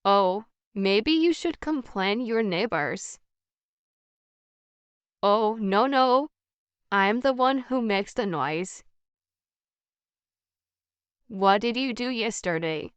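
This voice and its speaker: A woman reading a scripted practice conversation in a slow, evenly paced, carefully articulated way. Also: mid-range voice, clear, resonant tone, dry recording, dull audio. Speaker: English practice dialogue voice.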